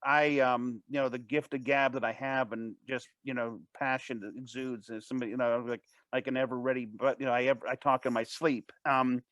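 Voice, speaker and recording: A man as an interview guest, telling a personal story in a casual, animated way, with frequent restarts and false starts. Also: medium pitch, no echo, muffled recording. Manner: animated, fast-paced anecdote telling.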